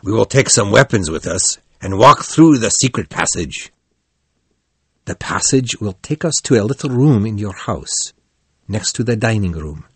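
A man's voice: fairly low pitch, expressive, normal speed, no room sound. A man reading the part of a stern, serious old badger in a children's storybook. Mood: planning. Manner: gruff scolding then kind.

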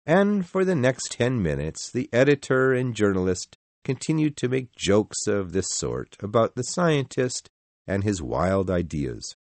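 A man narrating a story in the first person in a measured, expressive reading. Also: on the low side, dry recording.

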